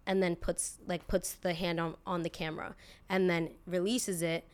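With a fairly low, smooth voice that barely moves in pitch, a woman in her twenties delivers a casual opinion monologue on her podcast at a moderate pace. She's blunt and indignant, says "like" a lot, and swears occasionally.

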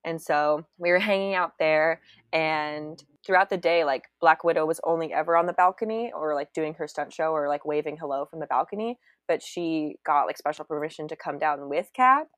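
Chatty low-voiced young woman, dry sound. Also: moderate pace, no echo. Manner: chatty, bubbly storyteller, many "like"s. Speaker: guest telling a story. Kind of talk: casual chat.

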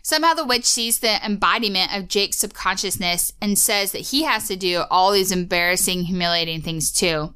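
A woman's voice: medium pitch, normal speed, few pauses, pushed and bright, smooth. A woman co-hosting a podcast, recapping a cartoon episode in casual, opinionated chat and laughing often.

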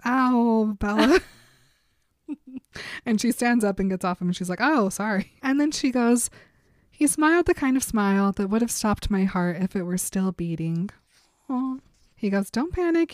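A woman's voice: medium pitch, lively intonation, darkish tone, dry recording. Woman co-host, giggly book-recap banter, dry mic. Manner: giggly, quotes characters in quick voices. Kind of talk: casual book recap chat.

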